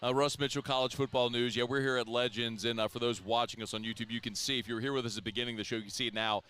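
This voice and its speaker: A man's voice: mid-range voice, fairly even intonation, racing, pushed and bright, smooth. A man in a mid-range voice, hosting a casual sports talk show. He chats easily and asks long, winding questions of his guest. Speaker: sports radio host.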